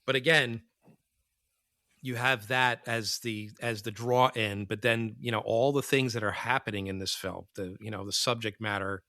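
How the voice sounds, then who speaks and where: A man's voice: lowish voice, fairly even intonation, normal speed, pushed and bright, dry recording, clean studio sound. A man co-hosting a podcast, talking casually and animatedly about a film. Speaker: podcast co-host.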